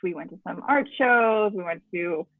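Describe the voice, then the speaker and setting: A woman, a guest on an interview show, talking casually in a measured, slightly hesitant way. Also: on the low side, gravelly, no echo. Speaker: comic artist guest. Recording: tinny dry phone-like line.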